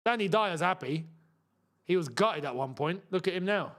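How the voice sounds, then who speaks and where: A young man hosting a live football watchalong, reacting to the match with chatty asides and excited outbursts. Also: sits high, moderate pace. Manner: excitable, shouts and laughs at chances, chatty asides.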